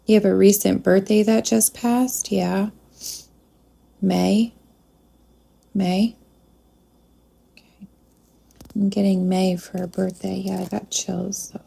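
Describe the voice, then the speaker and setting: A woman working as a psychic medium, talking softly in a spirit communication session and pausing to address an unseen presence. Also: mid-range voice, gravelly, slightly rough.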